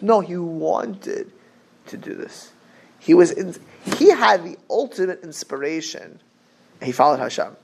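Male rabbi leading a class: higher-pitched, playful, theatrical asides. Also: a little slow, creaky, slightly rough. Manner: animated, joking, acts out scenes, weaves in Hebrew and Yiddish terms. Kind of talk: lively Torah class.

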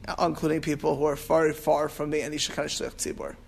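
Guy teaching a class, kinda high for a man, rambles, keeps restarting, gets emphatic. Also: level tone, fairly quick, creaky, a little hiss or hum. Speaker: rabbi teaching about prayer. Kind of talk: informal class talk.

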